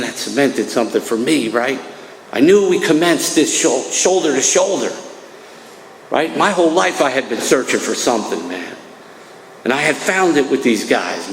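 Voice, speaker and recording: Middle-aged man, speaker at a recovery meeting, chatty testimony, tags lines with "man", roomy reverberant hall sound. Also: mid-range voice. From New Jersey. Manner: conversational, peppered with "man" and "right". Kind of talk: personal testimony talk. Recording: echoey hall, faint room noise.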